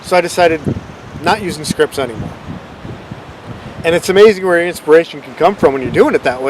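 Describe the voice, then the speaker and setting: A man with a slightly high voice talks loosely and self-deprecatingly, rambling on without a script. He sounds like he is outdoors, with faint wind and traffic behind him. The talk is relaxed and unpolished. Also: a little fast, long pauses, rough recording. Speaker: channel host. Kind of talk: casual unscripted vlog rambling.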